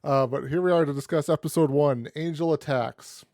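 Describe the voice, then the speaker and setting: A man's voice: a little high, normal speed, darkish tone, dry recording, clean studio sound. A man hosting a casual podcast, easygoing and laughing often between remarks. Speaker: podcast host.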